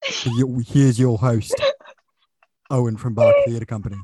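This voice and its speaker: A man voicing an overexcited male British TV announcer, using a put-on British accent and a loud, booming delivery. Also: wildly swooping pitch, a little slow, breathy edge, dry recording, full character voice.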